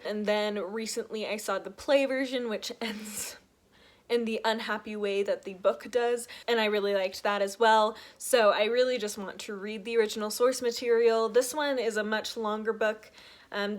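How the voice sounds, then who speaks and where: A young woman talking casually to camera as a book vlogger, chatty and enthusiastic. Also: mid-range voice.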